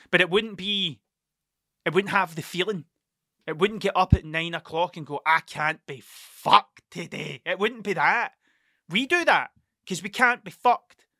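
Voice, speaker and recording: A man's voice: sits high, sharp tone, no echo, clean studio sound. A Scottish man rambling through a monologue as a podcast host, swearing freely, drifting off on tangents and laughing at himself.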